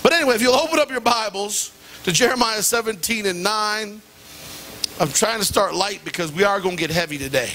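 A middle-aged male pastor preaching a sermon and telling animated, self-deprecating stories with sudden jumps in pitch. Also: brisk, a little hiss or hum. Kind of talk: sermon with personal anecdote. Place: church sanctuary.

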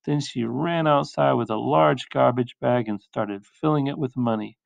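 A male teacher reading a picture book aloud in a slow, expressive storytelling voice. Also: mid-range voice, creaky, no echo, dull audio.

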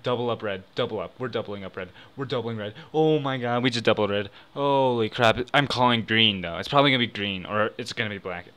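Young man, bright forceful tone, excitable, mumbles then yells, home desk mic, casual gaming chatter. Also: medium pitch, a little fast, hardly any pauses, smooth. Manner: excitable, swings from mumbling to shouting. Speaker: gaming YouTuber. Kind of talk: casual gambling commentary. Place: home room. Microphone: desk microphone.

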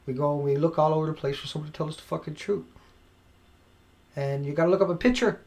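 Loud, swearing man ranting. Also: fairly high pitch, quick pace. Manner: profane, shouting and then dropping to quiet. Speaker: video blogger. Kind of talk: angry ranting monologue. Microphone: home recording mic.

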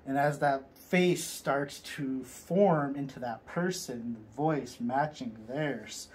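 A man's voice: mid-range voice, takes it slowly, low-quality recording. A man talking casually as he leads a listener through an imagined scene, loose and rambling with lots of filler words. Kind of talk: guided visualization in casual chat.

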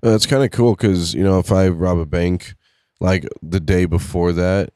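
A man co-hosting a casual podcast, cracking deadpan, sarcastic jokes. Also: sits low, normal speed, clear, resonant tone, no echo, clean studio sound. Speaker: podcast co-host.

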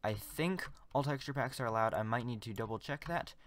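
Excitable male gameplay host, casual chatter that repeats itself and jumps to yelling, clean USB desk mic, middle-pitched. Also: fairly quick. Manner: excitable, repeats short phrases, yells during fights. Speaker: gaming channel host. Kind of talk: casual game commentary. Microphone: USB desktop microphone.

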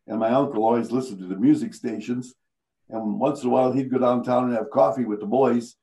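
Brisk and mid-range, the veteran broadcaster from Iowa rattles off anecdotes, laughing his way through each punchline. The audio is poor.

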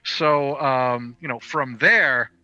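A man talks through a film he liked in a loose, rambling way, stumbling over fillers and restarting his sentences. His voice has a very bright, edgy tone. The sound is dry and a little muffled, like a call. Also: medium pitch, slow, clean tone, no echo. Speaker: podcast guest reviewer. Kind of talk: casual film review chat. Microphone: video call.

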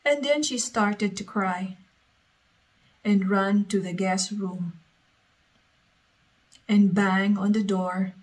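Woman reading a story out loud, really slow and steady, mid pitch. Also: rough recording.

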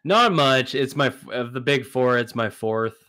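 Relaxed Canadian man talking football. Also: medium pitch, normal speed. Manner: relaxed, hedging, filler-heavy. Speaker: guest football analyst. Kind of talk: casual sports podcast chat.

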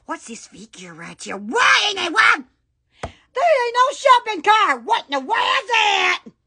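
A woman hosting a casual live stream, giddy and excitable, laughing and squealing often. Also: extremely high pitch, unhurried.

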